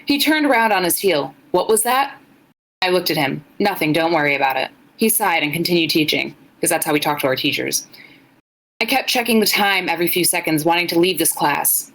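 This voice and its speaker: A woman's voice: lowish voice, lively intonation, a little fast, a bit bright, poor audio. A young woman co-hosting a podcast, blunt and joking as she reads fan fiction aloud in casual chat. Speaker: podcast co-host.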